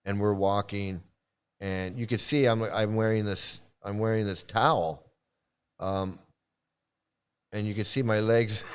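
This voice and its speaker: A man casually telling a personal story, halting often and repeating his phrases as he restarts. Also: on the low side, steady tone, clean tone. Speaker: vlogger recounting past experiences.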